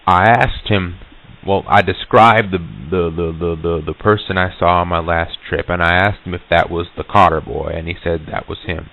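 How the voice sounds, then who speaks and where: An actor playing a shaken vending machine serviceman who recalls a haunting in a halting, stammering way, full of restarts. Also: deep voice, steady tone, vocal fry, fairly bright tone. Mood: uneasy. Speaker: vending machine route worker giving a recorded account. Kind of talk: hesitant spoken recollection on tape. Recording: tinny lo-fi old reel-to-reel tape.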